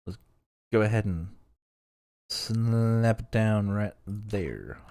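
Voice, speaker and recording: A man's voice: lowish voice, takes it slowly, darkish tone, no room sound. A man hosting a let's play, commenting casually on the game in an offhand, self-mocking way.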